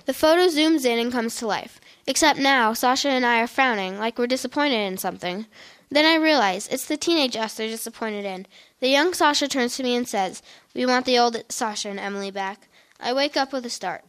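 A woman reading a first-person story aloud in a plain, steady way. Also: a little high, brisk, smooth.

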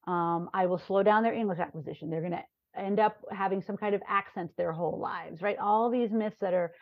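A woman from New York, a professor talking as an interview guest, telling stories in a lively way and often checking in with "right?". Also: mid-range voice, fairly quick, no room sound. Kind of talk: conversational interview. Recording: dry, dull lo-fi remote recording.

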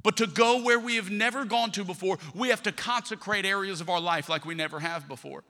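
Bright-voiced pastor preaching in a hall. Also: male voice, high voice, a little fast. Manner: storytelling, acts out quoted voices. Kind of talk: sermon. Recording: long hall reverb.

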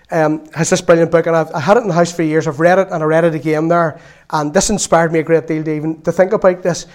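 A man preaching a sermon in a chatty storytelling way, with laughs and asides. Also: a little high.

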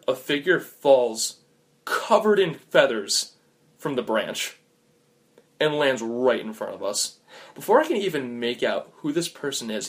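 A man casually telling a comic second-person story, laughing often as he narrates. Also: mid-range voice.

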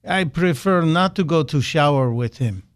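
A man putting on a deliberately bad Russian accent to play a blunt, gruff strongman. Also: fairly high pitch, lively intonation, no room sound, studio quality, natural voice. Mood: smug. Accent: mock Russian.

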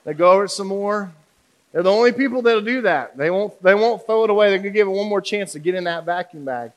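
A male pastor with a notably high voice delivers a sermon in a relaxed, conversational manner. He jokes and keeps asking the congregation questions. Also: quick pace. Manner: humorous, conversational, audience questions.

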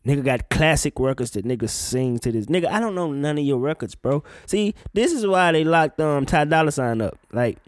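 Guy ranting casual and cussy, pitch jumping all over, bit high, dry close sound. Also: a little fast, hardly any pauses, no echo. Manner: profane, animated, with sudden loud high outbursts. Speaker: solo commentator. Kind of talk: casual rant about music gossip.

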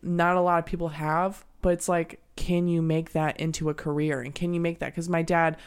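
A woman's voice: low-pitched, level tone, normal speed, clean tone. A young woman in casual podcast chat, talking candidly and rambling, swearing often.

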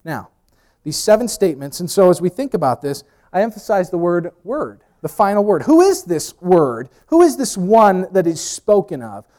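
A pastor delivers a conversational sermon, swinging from hushed to emphatic, with pop-culture asides and self-deprecating humor. His voice is high and very animated, and he speaks at a moderate pace.

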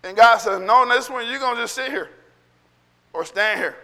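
A man's voice: extremely high pitch, normal speed, pushed and bright, big-room sound. A middle-aged male pastor preaching a sermon in a conversational way, acting out quotes and laughing between points.

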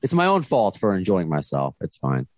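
A deep-voiced man hosts a podcast in a loose, rambling chat, his pitch swinging widely as he talks. The sound is dry and close, with no room around it. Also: wildly swooping pitch, normal speed, dry recording. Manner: chatty, rambling with restarts. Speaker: podcast host. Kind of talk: casual chat. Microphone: video call.

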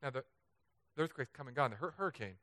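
A man from Southern California preaching a humorous storytelling sermon, animated and self-mocking, acting out the voices he quotes. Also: medium pitch, fast talker, no echo. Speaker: pastor.

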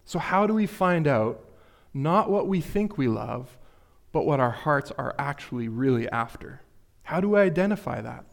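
A man's voice: medium pitch, gravelly. A man preaching a sermon, earnest and questioning, speaking straight to his listeners. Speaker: pastor.

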